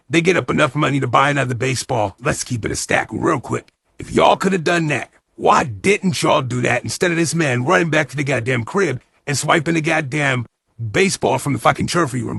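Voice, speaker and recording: A man's voice: medium pitch, gravelly, pushed and bright, slightly rough, no echo, clean studio sound. A man doing a profane, slangy comedy recap of a movie, with mock-outraged asides.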